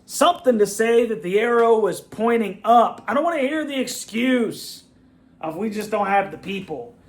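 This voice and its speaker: A man's voice: sits high, animated, moderate pace. A man venting in a fired-up fan reaction rant as the channel's host, repeating himself and dropping "bro" and "man". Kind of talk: ranting fan reaction vlog.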